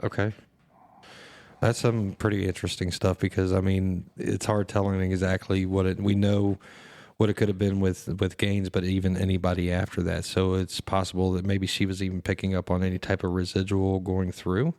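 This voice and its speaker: A man hosting a podcast in casual chat, speaking haltingly with frequent restarts. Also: deep voice, completely flat delivery, a little mellow, no room sound. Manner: halting, many restarts and laughs. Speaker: podcast host.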